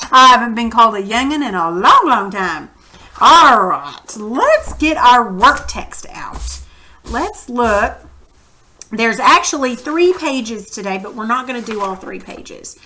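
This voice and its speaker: Bright woman teaching a reading class. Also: fairly high pitch, measured pace, slight background noise. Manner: animated, acts out quoted lines. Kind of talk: reading lesson for children. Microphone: computer mic for recorded lesson.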